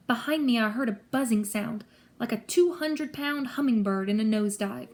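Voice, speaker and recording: A woman narrates a story in the first person. Her voice sits a bit high and stays steady. She tells it with lively pacing. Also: normal speed. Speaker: audiobook reader.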